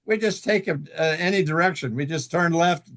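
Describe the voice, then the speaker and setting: A man recounts a personal story as an interview guest, in a somewhat high voice with a gravelly edge. He talks in a halting way, stopping often on fillers and starting sentences over. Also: a bit bright. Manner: halting, with many fillers and restarts. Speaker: guest author.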